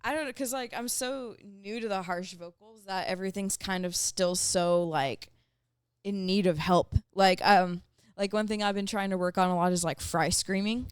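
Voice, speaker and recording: A woman's voice: medium pitch, moderate pace, smooth, no echo, clean studio sound. Young woman podcast guest, metal singer, casual and talkative, clean resonant tone. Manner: chatty, many fillers, laughs easily.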